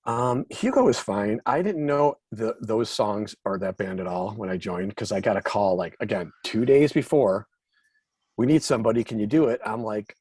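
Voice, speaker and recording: Male guest musician, husky, self-deprecating storyteller in a dry recording. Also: on the low side, lively intonation, normal speed, few pauses, a little mellow, dry recording. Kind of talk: casual interview chat.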